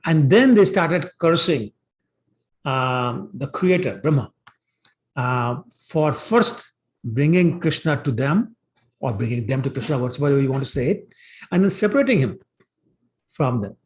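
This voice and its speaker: Speaking a little slowly with long pauses, a man leads a scripture class in a mid-range voice with lively intonation. His telling is conversational and heavy on fillers such as "you know," and he performs the characters' dialogue himself.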